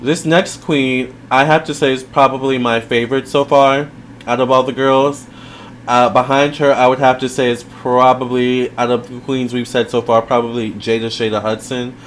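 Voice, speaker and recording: A man's voice: mid-range voice, flat delivery, normal speed, slight background noise. A man giving a casual video review, chatty and rambling, with lots of fillers and side remarks. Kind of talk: casual commentary.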